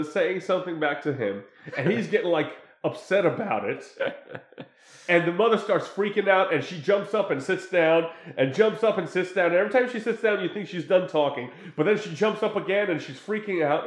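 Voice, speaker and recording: A man's voice: high voice, a little fast. Rambling chatty man in a roomy room. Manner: rambling, animated, many fillers and restarts. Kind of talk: casual chat reacting to a TV show. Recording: roomy echo.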